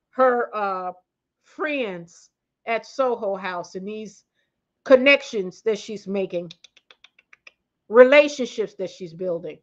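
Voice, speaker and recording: A woman's voice: on the high side, fairly bright tone, lo-fi sound. Blunt, slangy woman ranting on a vlog. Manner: blunt, slangy, emphatic, with many restarts. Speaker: commentary vlogger. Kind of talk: casual opinionated commentary.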